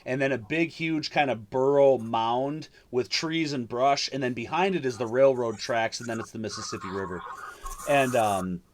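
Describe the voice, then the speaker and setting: A man's voice: medium pitch, normal speed, slight background noise. A man hosting a podcast, telling a story in casual chat over a remote call, swearing often and rambling with fillers and restarts. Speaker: podcast host.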